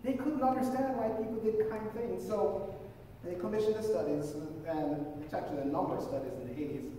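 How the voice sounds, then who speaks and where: A man preaches in a relaxed, conversational way, slipping into stories and quoted voices. His voice sits high for a man. It rings through a large church hall, picked up from some distance, with a faint hum of room noise behind it. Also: fairly quick. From Jamaica. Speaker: pastor. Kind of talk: sermon with personal stories. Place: church auditorium.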